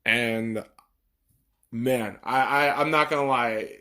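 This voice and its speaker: A man's voice: medium pitch, takes it slowly, sharp tone. Blunt, cursing male podcast host. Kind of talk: casual profane monologue.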